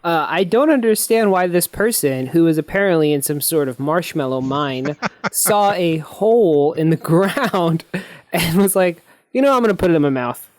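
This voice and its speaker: A woman's voice: lowish voice, animated, moderate pace, darkish tone, no echo. A woman co-hosting a horror-movie podcast, teasing and incredulous, often laughing mid-sentence. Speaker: podcast co-host. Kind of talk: casual chat.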